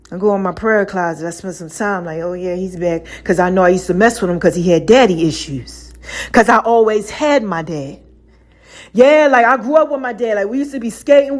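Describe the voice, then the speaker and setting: A woman hosting her own podcast, talking through her faith in an animated, slang-heavy way and often laughing. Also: fairly high pitch. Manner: conversational slang-heavy delivery, addresses listeners directly. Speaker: podcast host. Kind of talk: casual faith talk monologue.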